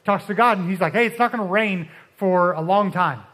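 A young man preaching a casual sermon, talking in a halting, conversational way with many restarts and fillers, and acting out Bible figures in quick asides. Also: high voice, fairly bright tone.

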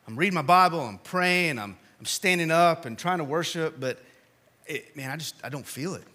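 Male pastor, bright and somewhat high-pitched, preaching with animated, dynamic delivery. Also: normal speed. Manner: animated storytelling, swinging from shouts to quiet appeals. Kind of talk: sermon.

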